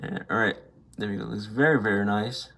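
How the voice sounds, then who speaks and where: A man's voice: on the low side, fairly quick, creaky, noisy background. A young man casually reviewing an action figure, rambling, swearing freely and airing blunt gripes. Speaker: toy reviewer. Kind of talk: casual unscripted toy review.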